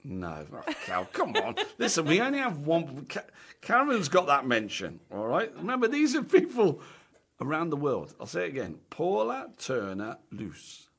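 A Scottish man hosting a radio show with an animated, swooping delivery. His voice is bright and forceful, and he keeps the chat rolling with constant "okay"s and "right?"s. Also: on the high side, normal speed, husky. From Scotland. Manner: chatty, peppers speech with "okay" and "right?". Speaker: radio show host and drummer.

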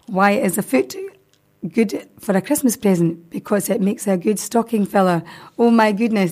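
A woman's voice: lowish voice, brisk, darkish tone. Chatty woman radio host. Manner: chatty, reads listener jokes aloud. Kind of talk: casual radio chat.

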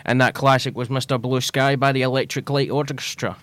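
A man's voice: medium pitch, steady tone, fairly quick, a bit bright, soft background music. A man hosting a community radio show, introducing a guest and asking questions in a friendly, lightly joking way. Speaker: radio host.

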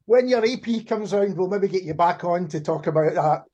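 High-voiced easygoing male interviewer. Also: normal speed, mellow, muffled recording. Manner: easygoing, stammers at the start of phrases. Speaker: interview host. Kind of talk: casual interview.

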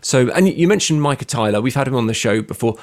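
A man's voice: medium pitch, animated, fast talker. Chatty British man hosting radio. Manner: chatty, joking, with frequent fillers. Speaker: radio show host. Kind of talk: radio interview.

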